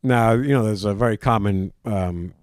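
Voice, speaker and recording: A man's voice: on the low side, moderate pace, no room sound, studio quality. A man with a Long Island accent, rambling loosely as a podcast co-host in casual chat. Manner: chatty, rambling with restarts.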